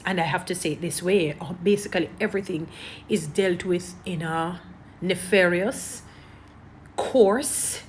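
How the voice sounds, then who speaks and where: A woman's voice: on the low side, slight background noise. A woman with a Jamaican accent giving emphatic, preachy commentary, repeating her points to her online audience. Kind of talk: casual commentary to camera.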